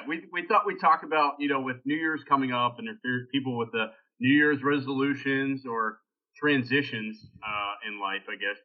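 A man hosting a casual podcast, rambling and joking loosely before laying out the week's topic, heard over a tinny phone-like line. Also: medium pitch. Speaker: podcast host. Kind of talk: casual chat.

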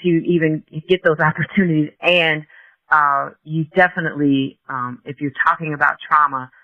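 A man's voice: on the high side, fairly even intonation, moderate pace, no echo, narrow, tinny audio. A man hosting a podcast, talking casually with many hesitations and restarts. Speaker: podcast host.

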